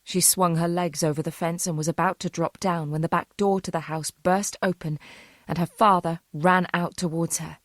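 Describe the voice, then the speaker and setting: A woman with a fairly low voice reads a thriller aloud in a measured, tense narration. The sound is dry and close. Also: steady tone, dry recording. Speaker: audiobook narrator.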